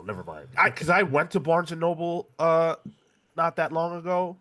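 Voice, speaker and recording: A man's voice: a little high, animated, moderate pace, a bit bright. Exasperated New man on a comics stream. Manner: exasperated, swears and laughs at himself. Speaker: podcast co-host. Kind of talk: casual live-stream chat.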